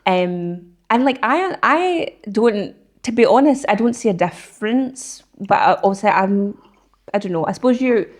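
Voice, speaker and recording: A woman's voice: mid-range voice, normal speed. A woman with a West of Scotland accent, chatting casually and swearing freely as she tells stories. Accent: West of Scotland Scottish. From West of Scotland, near Clydebank. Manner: sweary, animated storytelling. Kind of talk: casual chat.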